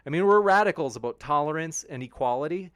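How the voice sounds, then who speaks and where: A man's voice: a little high, expressive, quick pace, a bit bright, clear, resonant tone, no room sound, clean studio sound. A young man hosting a debate livestream, reading viewer comments aloud and answering them, with sarcastic mocking voices for his critics. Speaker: debate channel host.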